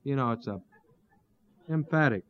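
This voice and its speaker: A man teaching through a Bible passage verse by verse, pausing to explain terms and asking his listeners rhetorical questions. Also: medium pitch, a little hiss or hum. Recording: dull, lo-fi dry recording.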